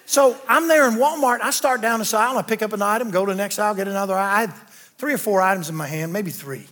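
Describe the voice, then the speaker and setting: A man preaching a sermon, telling folksy stories and building to loud, emphatic declarations. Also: high voice, fast talker. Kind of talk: sermon with storytelling.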